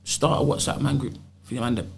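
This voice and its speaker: A man with a London accent talks fast and plainly, acting out quoted lines as he tells a personal story. His pitch sits in the middle of the male range. A faint hiss runs under the recording. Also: gravelly. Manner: quick, animated storytelling with acted quotes. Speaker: podcast guest. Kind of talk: casual chat.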